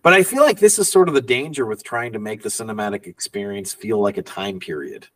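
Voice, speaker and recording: A man's voice: fairly low pitch, expressive, a little fast, distant mic. A man co-hosting a podcast, chatting casually and wryly about a film. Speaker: podcast co-host. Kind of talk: casual film review chat. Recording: mic set back, dry room.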